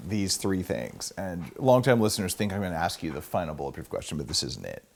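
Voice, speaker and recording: A male podcast host with a voice a little lower than most men's. He asks questions and tells stories in a relaxed, casual way. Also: brisk, gravelly. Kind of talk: casual interview talk.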